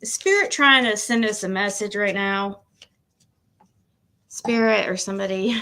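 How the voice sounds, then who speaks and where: A woman's voice: medium pitch, unhurried, long pauses, a bit bright. A woman doing a casual tarot-reading livestream at home, emotional and nervous, laughing between readings and talking to her pet.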